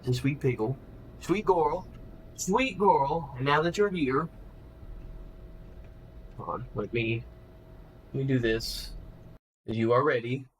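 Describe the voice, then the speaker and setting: A man's voice: mid-range voice, unhurried, long pauses, fairly bright tone, echoey room, a little hiss or hum. A man live-streaming from home, chatting in a rambling, casual way with lots of restarts. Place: home room.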